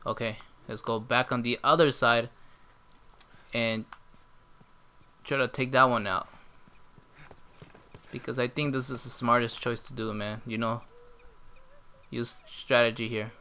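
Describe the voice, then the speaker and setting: A man giving excitable live gameplay commentary, reacting aloud and talking to his viewers as he plays. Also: medium pitch, a little slow, long pauses, clear, resonant tone.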